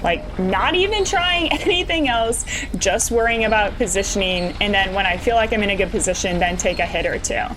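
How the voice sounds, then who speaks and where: A woman's voice: mid-range voice, expressive, brisk. A woman game streamer chatting with her viewers, giggly and talkative, answering chat while she plays. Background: video game music.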